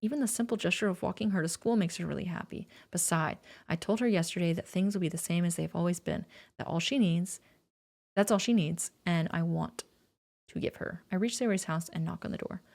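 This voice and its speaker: A young woman streamer reading a visual novel's narration aloud, steady and earnest, with shrieking scared reactions in between. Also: on the low side, fairly quick, creaky.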